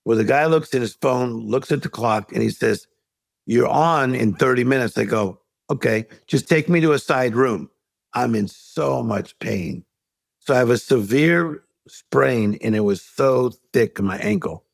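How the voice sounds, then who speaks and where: A man's voice: mid-range voice, a little slow, gravelly, no echo. A middle-aged man, a life coach guest, telling a story in an interview and acting out the voices of the people in it. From United States.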